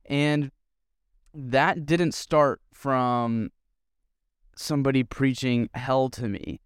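A man's voice: medium pitch, steady tone, drawn-out words, clear, resonant tone, dry recording, studio quality. A young man and youth pastor, telling a story in an earnest, rambling way with many fillers. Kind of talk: casual storytelling vlog.

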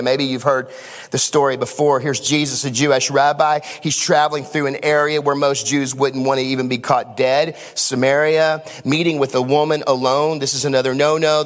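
A man's voice: medium pitch, in a large hall. A male pastor preaching a sermon in a church sanctuary, emphatic, with rhetorical questions and calls to the congregation.

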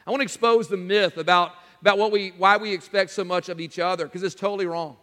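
High-voiced pastor preaching in a reverberant church. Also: male voice, quick pace. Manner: animated, mimics congregants in quoted voices. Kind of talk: sermon.

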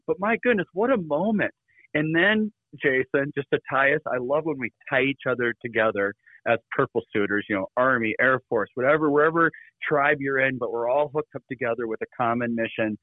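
A middle-aged man, a guest, telling stories in an energetic, upbeat way, his pitch jumping up suddenly. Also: brisk, dry recording. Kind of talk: casual storytelling. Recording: dry phone-like call audio.

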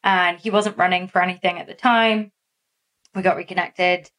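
A woman from Massachusetts with a somewhat low voice talks on a podcast. She tells stories in a casual, animated way and fills her speech with loose asides. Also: moderate pace. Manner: animated storytelling with many fillers. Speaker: podcast co-host. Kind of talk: casual chat.

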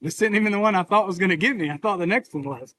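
A man co-hosting a podcast speaks in a reflective, halting way, close to tears. His voice sits a little high for a man. The sound is dry and close, with no room echo. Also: bright, forceful tone. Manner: reflective, halting, open about feelings. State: emotional, near tears. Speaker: podcast co-host. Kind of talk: casual podcast conversation.

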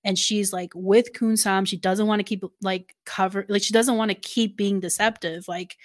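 A woman co-hosting a podcast, recapping an episode in casual chat. She talks at a middling pitch and keeps things animated, swearing freely and acting out the lines she quotes. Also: moderate pace. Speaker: podcast co-host.

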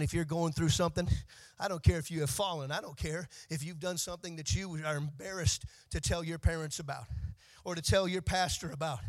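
A man preaching a sermon, moving from quiet, measured reading to shouted, sing-song preaching. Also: on the high side.

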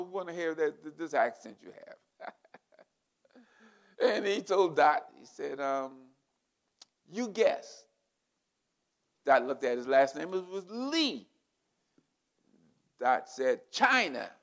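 An older man preaching a sermon, telling a personal story in an animated, emotional way. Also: a little high, creaky. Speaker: pastor.

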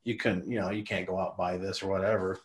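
A man's voice: sits low, flat delivery, fast. Middle-aged male guest, loose casual storyteller, chuckles and cusses freely. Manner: rambling, laughing, swears freely. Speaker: guest on a podcast.

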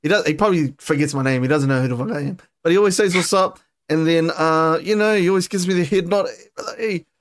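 A man hosting a podcast, telling a story in a casual, animated way with lots of swearing and laughter. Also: a little high, fast, hardly any pauses, a little hiss or hum. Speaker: podcast host. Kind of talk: casual chat.

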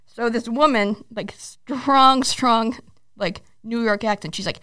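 A woman in her forties telling animated stories as a guest in a casual interview, acting out quotes and laughing often. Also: fairly high pitch, normal speed. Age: 40s. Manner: lively, animated storyteller who acts out quotes and laughs often.

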